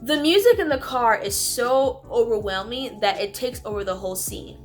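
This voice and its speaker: A woman's voice: on the high side, normal speed. Rambling woman reviewing a bad movie. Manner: rambling, frequent "like". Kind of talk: casual chat. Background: music.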